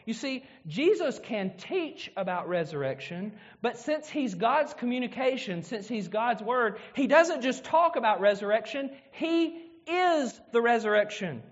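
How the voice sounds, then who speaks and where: High-voiced male preacher in a reverberant hall. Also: animated, a little slow, hardly any pauses. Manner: retells scripture with acted-out quotes. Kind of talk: sermon. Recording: dull sound with long hall reverb.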